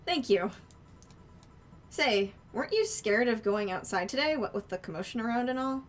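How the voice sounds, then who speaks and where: A woman reading the lines of a calm, dry female bartender in a relaxed, teasing way, with faint noise behind. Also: on the high side, moderate pace, close to an everyday voice. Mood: easygoing. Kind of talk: fan voicing of game dialogue.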